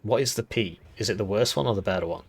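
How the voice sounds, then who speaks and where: A man with a hoarse, slightly low voice talks through a strategy game review in a loose, rambling way. He thinks aloud, restarts sentences and fills pauses as he goes. It sounds like a casual voice-over recorded at a desk mic. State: raspy voice. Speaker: gaming YouTuber reviewing a devblog.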